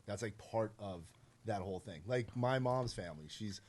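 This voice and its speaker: A man's voice: lowish voice, moderate pace, a little mellow. A man co-hosting a casual podcast, rambling through his points with many fillers and rhetorical questions. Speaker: podcast co-host. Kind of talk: casual chat.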